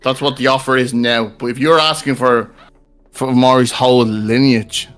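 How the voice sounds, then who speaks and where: Casting: male game master, casual and clear, explaining the deal to his players. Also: mid-range voice, steady tone, moderate pace, a bit bright, soft background music. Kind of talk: narrating a tabletop game.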